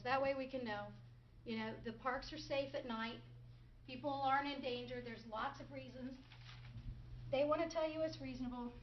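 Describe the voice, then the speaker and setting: Sarcastic high-voiced woman prosecutor. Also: highs cut off, slight background noise. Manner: sarcastic, mimics others in quotes, asks rhetorical questions. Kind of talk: courtroom closing argument. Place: courtroom.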